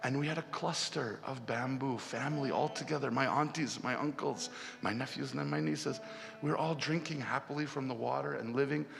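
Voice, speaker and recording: Guy telling a teary spiritual story, lots of pauses, big echoey hall. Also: medium pitch, vocal fry. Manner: heartfelt, tearful storytelling with long pauses. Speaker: speaker at a devotional music festival. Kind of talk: emotional spiritual talk with a first-person parable. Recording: long hall reverb with music behind.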